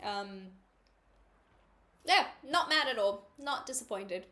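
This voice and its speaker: A woman with a New Zealand accent talks to her livestream chat in a relaxed, meandering way. Her voice is bright and forward. Now and then she slips into deadpan sarcasm. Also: a little high, takes it slowly. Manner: chatty and meandering, dry sarcasm. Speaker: streamer. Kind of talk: casual livestream chat, reading chat aloud.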